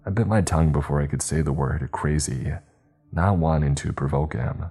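A man reading a horror story aloud in steady, measured, scripted narration. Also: very deep voice, slightly rough, soft background music.

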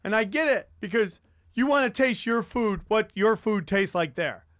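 A man hosting a podcast, telling stories in an animated, profane comedic rant. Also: high-pitched, normal speed, no room sound, studio quality. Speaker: podcast host.

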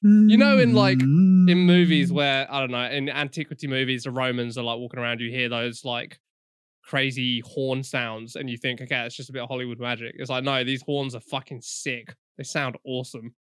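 A young man co-hosting a podcast, chatting casually, swearing a lot and getting loud when excited. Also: mid-range voice, normal speed, clear, resonant tone, dry recording, studio quality. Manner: profane, excitable, swings loud. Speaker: podcast co-host. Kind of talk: casual chat.

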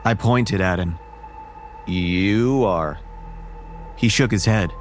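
Lowish male horror story narrator. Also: normal speed, soft background music.

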